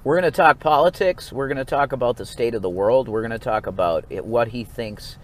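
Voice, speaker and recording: A man vlogging in a rambling, profane monologue, swinging between low mumbles and sudden outbursts. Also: brisk.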